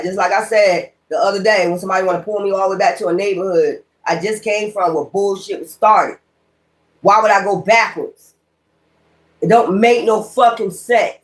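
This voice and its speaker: A woman giving a spoken tarot reading in a blunt, profane, ranting manner. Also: mid-range voice. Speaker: tarot reader. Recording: echoey room.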